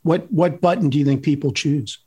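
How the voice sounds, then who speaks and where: A man's voice: fairly high pitch, a little fast, warm tone, slightly rough. A man hosting a casual chat, playfully asking provocative devil's-advocate questions. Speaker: podcast host.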